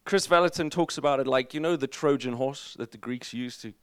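A man preaching a sermon as pastor, energetic and emphatic, with jokes to the congregation. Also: mid-range voice, brisk, clear, resonant tone, no echo, studio quality.

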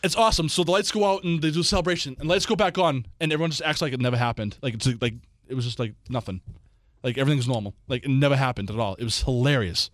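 A man's voice: medium pitch, rapid-fire, dry recording, studio quality. A man co-hosting a casual podcast, telling stories and acting out what people said. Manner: animated storyteller, acts out quotes. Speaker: podcast co-host. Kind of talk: casual chat.

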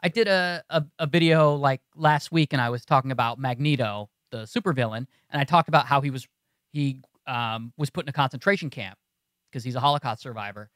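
A man's voice: mid-range voice, fairly quick, fairly bright tone, no room sound, studio quality. A man co-hosting a podcast in casual chat, telling stories emphatically with many restarts. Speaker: podcast co-host. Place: podcast studio.

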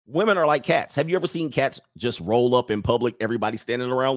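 A man's voice: medium pitch, fast, hardly any pauses. A man in his forties or older hosting a live show and telling crude, slangy comic stories, now and then slipping into acted voices. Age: 40s or older. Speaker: show host. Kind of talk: casual comedic commentary on a live show.

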